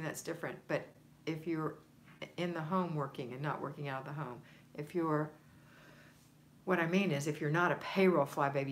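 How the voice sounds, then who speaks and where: Woman, low pitch, livestream home-organizing coach, chatty and encouraging, faint room ambience. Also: slight background noise. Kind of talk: livestream chat reading viewer comments.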